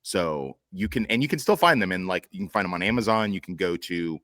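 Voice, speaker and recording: Low-voiced profane host. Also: male voice, expressive, fairly quick, fairly bright tone, no echo. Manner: profane, joking, teasing. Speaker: podcast host. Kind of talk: casual group chat.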